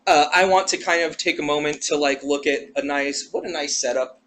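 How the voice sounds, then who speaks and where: A man's voice: a little high, brisk, a bit bright, a little hiss or hum, low-quality recording. A young man co-hosting a casual podcast chat, rambling and joking and laughing often. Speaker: podcast co-host. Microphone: handheld ball microphone, sometimes held away.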